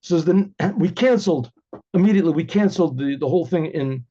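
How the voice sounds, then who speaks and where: A rabbi telling a story in first person and acting out the dialogue, now and then clearing his throat. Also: fairly high pitch, brisk, warm tone. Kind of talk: spoken storytelling. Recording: dull lo-fi recording.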